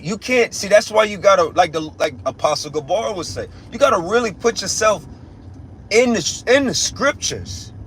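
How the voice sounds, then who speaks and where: A man's voice: sits high, a bit bright, breathy edge. A young man giving a casual spiritual rant as a religious teacher, emphatic and profane, repeating himself and restarting often.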